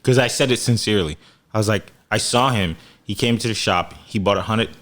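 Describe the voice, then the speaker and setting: A man's voice: on the low side, fairly quick, fairly bright tone. A man co-hosting a podcast in casual chat, blunt and joking as he tells stories. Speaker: podcast co-host.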